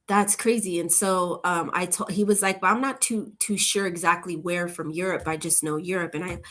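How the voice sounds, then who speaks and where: Chatty rambling woman, lowish voice. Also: a bit bright. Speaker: channel host. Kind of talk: casual rambling chat to viewers.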